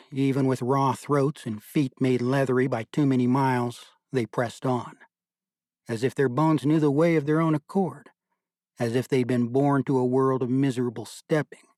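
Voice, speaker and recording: A man giving measured, scripted audiobook narration. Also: medium pitch, fairly even intonation, darkish tone, dry recording, studio quality.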